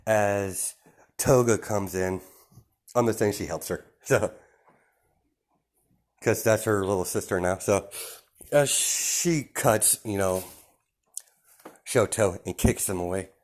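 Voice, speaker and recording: A man's voice: on the low side, slow, pauses often, darkish tone. Rambling man telling a fan story. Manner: rambling, many fillers and restarts, laughs often. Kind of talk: casual improvised storytelling.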